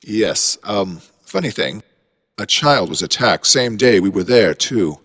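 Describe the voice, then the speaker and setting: A man's voice: fairly low pitch, expressive, unhurried, fairly bright tone, big-room sound. A man voicing a polite, uneasy British father on holiday, speaking with a British accent in formal, apologetic phrases.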